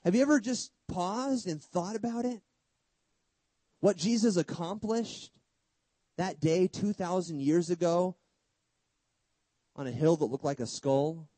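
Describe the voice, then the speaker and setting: Emphatic preacher man, high voice, mellow tone. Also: a little slow, pauses often, no echo, rough recording. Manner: emphatic preaching with sudden hushed drops and rhetorical questions; casual humorous asides. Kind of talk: sermon.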